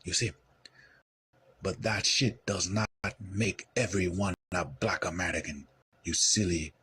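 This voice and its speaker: A man's voice: sits low, fairly even intonation, measured pace, bright, forceful tone, breathy edge, no echo. A man from Ethiopia lecturing in an explanatory way, often repeating "you see". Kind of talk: lecture-style talk.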